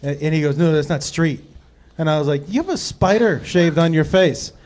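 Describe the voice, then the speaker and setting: A man's voice: fairly high pitch, expressive, a little fast, a little mellow. A man who is a guest comedian, chiming in with teasing asides during a live podcast. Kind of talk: casual banter.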